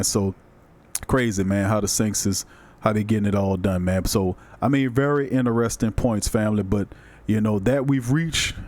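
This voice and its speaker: A man hosting a live sports podcast in casual chat, loose and animated as he reads viewer comments aloud. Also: lowish voice. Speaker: podcast host.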